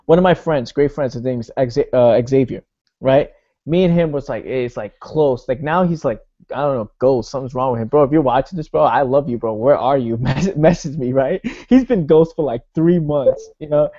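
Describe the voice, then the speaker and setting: Man, motivational speaker, casual and punchy, warm tone, dull lo-fi sound. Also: medium pitch, moderate pace. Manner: energetic storytelling, fillers like "right?" and "bro".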